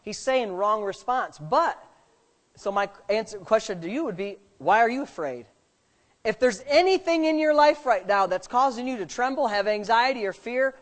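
A preacher delivering a sermon, firing rhetorical questions at the congregation and shifting between quiet asides and loud, slowed-down emphasis. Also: medium pitch, animated. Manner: jokes lightly with the listeners.

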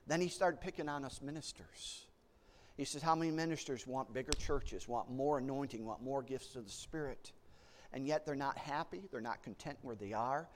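A man preaching a sermon, animated, often restarting words and acting out panicked voices as he tells a story. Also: medium pitch, moderate pace, slight background noise.

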